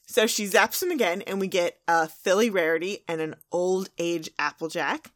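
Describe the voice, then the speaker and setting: A woman's voice: fairly low pitch, fairly bright tone, no room sound, studio quality. A woman co-hosting a podcast, casually recapping a cartoon episode in a chatty storytelling way. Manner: chatty storytelling, slips into quick character quotes. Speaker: podcast co-host.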